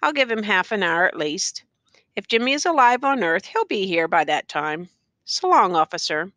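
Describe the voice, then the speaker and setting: A woman's voice: mid-range voice, big pitch swings, normal speed, a bit bright, dry recording. Woman reading as a boastful Western man. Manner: bragging, hearty. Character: boastful man from the West, old friend waiting.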